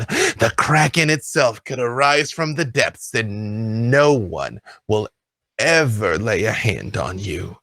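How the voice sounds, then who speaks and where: A man voicing a scheming noblewoman who talks in a slow, doting, honeyed way. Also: mid-range voice, a bit bright, no room sound, heavily acted. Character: scheming, sugary-sweet noblewoman ruler. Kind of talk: tabletop role-play voicing.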